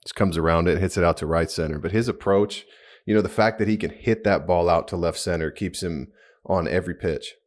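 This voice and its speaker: Deep-voiced male podcast co-host. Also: brisk. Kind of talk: casual sports talk.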